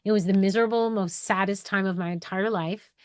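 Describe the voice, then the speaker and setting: A woman's voice: mid-range voice, fairly even intonation, a little fast, clean tone, dry recording, clean studio sound. Candid rambling woman storyteller. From New York. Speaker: photographer and educator hosting a live call. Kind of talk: casual personal storytelling to an online group.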